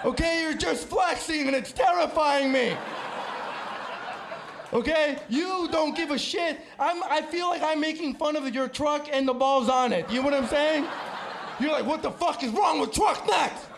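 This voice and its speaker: A man from El Salvador doing a stand-up comedy set, brash and punchy, shouting his punchlines to the crowd. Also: very high-pitched, unhurried, noisy background. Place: comedy club stage with live audience.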